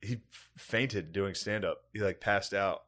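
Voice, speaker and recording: Low-voiced rambling podcast co-host. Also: male voice, unhurried. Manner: rambling, profane, excitable storytelling. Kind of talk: casual comedic chat.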